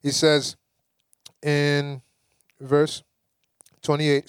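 A young Caribbean preacher delivers his sermon with lively energy at a normal speed, repeatedly building to emphatic peaks. His voice sits slightly high, and the recording sounds dry and close.

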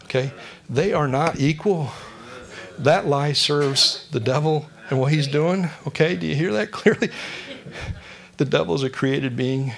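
A man's voice: on the high side, a little slow, creaky. A male pastor giving a conversational sermon, joking and asking the congregation questions.

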